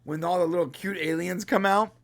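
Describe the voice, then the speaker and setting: A man co-hosting a casual show-review chat, joking and acting out scenes in quick quoted voices. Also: high voice, steady tone, gravelly. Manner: jokey, acts out scenes in quoted voices, laughs often. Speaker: podcast co-host.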